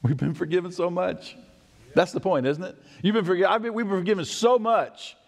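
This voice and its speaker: A man's voice: a little fast, vocal fry. Preaching man in a reverberant church. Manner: expressive, acts out quoted voices with rising pitch. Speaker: pastor. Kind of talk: sermon. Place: church sanctuary. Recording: long church hall reverb.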